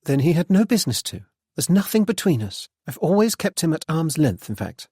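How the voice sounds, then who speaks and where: Brief: male narrator doing a wary young woman, higher and quicker, defensive, dry close sound. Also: big pitch swings, darkish tone, slightly rough, no room sound. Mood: guarded. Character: young woman, sharp and guarded.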